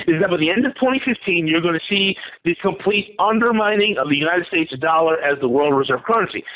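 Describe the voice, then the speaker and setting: A man talking as a guest on a radio interview, animated, often repeating himself and acting out quoted voices. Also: fairly high pitch. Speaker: guest economist. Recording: tinny phone line.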